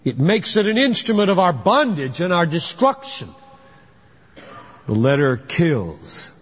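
A man's voice: a little high, big pitch swings, unhurried, husky. A man preaching a sermon, emphatic, posing rhetorical questions and then answering them. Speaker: pastor. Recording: dull lo-fi recording with long hall reverb.

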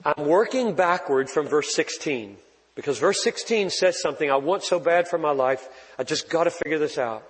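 A man preaching a sermon with passion, rising to loud emphatic peaks and dropping to quiet, intimate asides. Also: fairly high pitch, expressive, moderate pace, big-room sound, low-quality recording. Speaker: pastor.

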